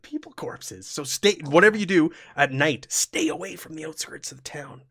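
A young man running a tabletop horror game as game master, voicing locals and dropping into hushed, halting tones. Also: fairly high pitch, lively intonation.

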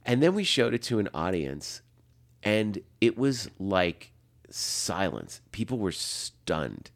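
A man around fifty, a film director, telling animated anecdotes as a guest and acting out the lines he quotes. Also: mid-range voice, a little slow. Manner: lively storyteller, acts out quotes, laughs often.

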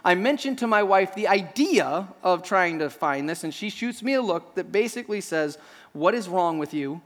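A man's voice: sits high, expressive, normal speed, fairly bright tone, big-room sound. A man preaching a sermon to his congregation, telling stories with self-deprecating humor. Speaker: pastor.

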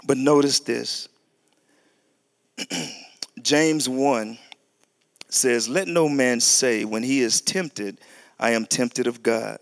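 A man preaching a sermon, reading scripture slowly and deliberately, then breaking into animated, sudden high and loud bursts. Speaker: pastor.

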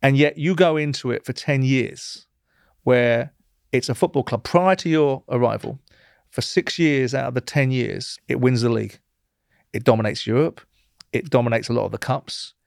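A man's voice: medium pitch, moderate pace, creaky, no echo, studio quality. A man hosting an interview, blunt and challenging, cutting in with pointed questions. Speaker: interview host. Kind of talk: confrontational interview.

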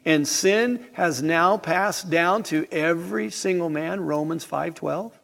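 Guy preaching a sermon, slow and emphatic, lots of rhetorical questions, fairly high voice, big hall echo. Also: creaky, fairly bright tone. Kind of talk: evening sermon. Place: church sanctuary. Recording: hall reverb in sanctuary.

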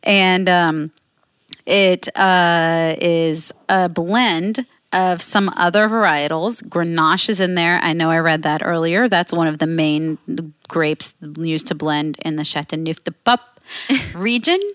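Playful, swearing woman podcaster, low voice. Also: slow pace, a bit bright, clear, resonant tone, dry recording, clean studio sound. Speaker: podcast co-host. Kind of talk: casual chat.

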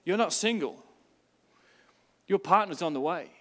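A man's voice: sits high, lively intonation, unhurried, a bit bright, in a large hall. A man, a pastor preaching a sermon, telling stories with emphasis.

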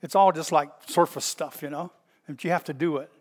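A middle-aged man with a Southern US accent, a pastor preaching in a folksy, storytelling way that bursts out loud at times. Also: on the high side, fairly quick, in a large hall. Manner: folksy and animated, stretches words, bursts out loud. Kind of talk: storytelling sermon.

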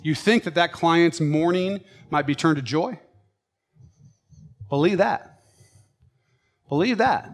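A man preaching a sermon with passion, swinging between loud, emphatic lines and quiet, low ones. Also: breathy edge.

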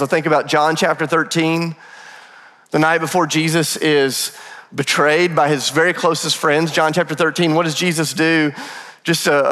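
A man preaching a sermon as pastor, telling stories lively and acting out paraphrased dialogue with jokes. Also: on the high side, long reverb tail.

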